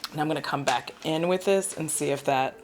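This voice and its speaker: A woman's voice: deep voice, brisk, slight background noise. A woman doing a casual get-ready-with-me vlog, talking in a chatty, rambling, candid, self-deprecating way while she does her makeup at home. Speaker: beauty vlogger.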